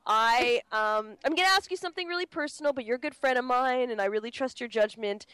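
A woman's voice: a little high, quick pace, clean tone, no room sound. A woman co-hosting a casual true-crime podcast, rambling and swearing freely. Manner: animated, swearing, rambling with restarts. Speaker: podcast co-host.

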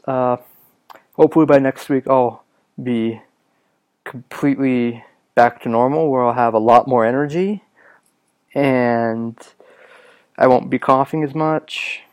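A young man hosting a casual solo podcast, raspy from a cough, rambling with lots of ums and restarts. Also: medium pitch, fairly even intonation, slow, pauses often. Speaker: podcast host.

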